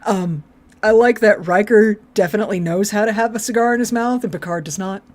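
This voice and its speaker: A woman's voice: mid-range voice, fairly quick, darkish tone. A woman co-hosting a podcast, chatting casually and enthusiastically about a TV episode, swearing freely and laughing often. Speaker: podcast co-host. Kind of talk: casual chat recapping a TV episode.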